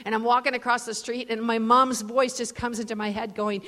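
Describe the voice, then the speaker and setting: A woman guest speaker tells stories in a sermon, using a fairly high, casual voice full of "like" and "you know." She sounds animated and conversational. The sound comes from a large event hall with a long, ringing reverb. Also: a little fast, few pauses. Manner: conversational, animated, many fillers. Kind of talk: sermon with storytelling.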